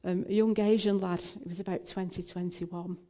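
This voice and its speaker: A woman's voice: on the low side, steady tone, moderate pace, mellow. An older woman minister, telling a personal story in a talk, with frequent fillers and restarts.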